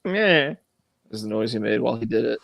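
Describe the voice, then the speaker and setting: A man's voice: mid-range voice, animated, brisk, vocal fry, fairly bright tone, no room sound, studio quality. A man hosting a casual livestream from his home garage, joking and laughing through banter while watching a football game. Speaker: livestream host.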